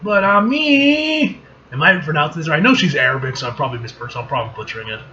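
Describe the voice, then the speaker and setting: A man's voice: medium pitch, expressive, racing, bright, forceful tone. A young man casually reacting to a comic he reads aloud, blunt and profane. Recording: lo-fi recording with faint noise.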